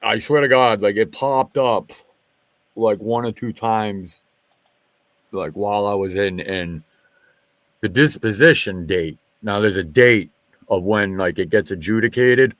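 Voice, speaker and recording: A man, a former military police officer, swearing freely in an animated story that acts out what each person said. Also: on the low side, measured pace, dry recording. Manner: profane, animated retelling with quoted dialogue. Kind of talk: casual storytelling in a group chat.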